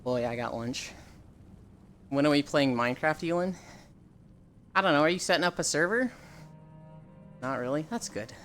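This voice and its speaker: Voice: medium pitch, expressive, normal speed, pauses often, fairly bright tone, soft background music. A young adult livestreamer in casual, rambling chat with viewers, swearing freely and answering chat as it comes. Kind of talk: casual live-stream chat.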